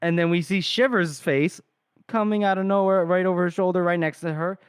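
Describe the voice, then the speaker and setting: A man's voice: high-pitched, a little fast, smooth. A man co-hosting a book podcast, casually retelling scenes and reading characters' lines aloud. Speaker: podcast co-host.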